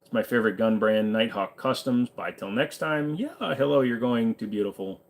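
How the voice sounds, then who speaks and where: A man's voice: mid-range voice, normal speed. A tired man hosting a livestream in a casual, laid-back way, reading viewer comments aloud and answering them. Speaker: livestream host.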